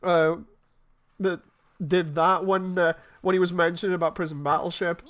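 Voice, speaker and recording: A man's voice: high-pitched, level tone, normal speed, fairly bright tone. A man in his thirties, chatting casually and telling rambling stories while streaming a game. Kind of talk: casual chat while playing.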